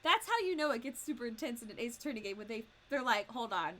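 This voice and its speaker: A young woman streaming a video game, talking in an excitable, gushing, rambling way about what just happened. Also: fairly high pitch, quick pace. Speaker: Let's Play streamer. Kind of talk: casual gaming commentary. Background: game music.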